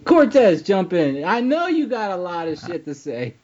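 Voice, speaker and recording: A man's voice: sits high, very animated, normal speed, darkish tone. A man hosting a casual comedy podcast, laughing often and stammering as he talks. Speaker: podcast host. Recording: dull lo-fi podcast audio.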